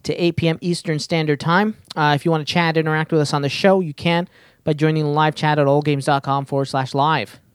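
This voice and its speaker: A man hosting a gaming podcast in casual chat, out of breath, excitable and laughing. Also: fairly high pitch, a little fast, clean tone, dry recording, clean studio sound. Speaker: podcast host.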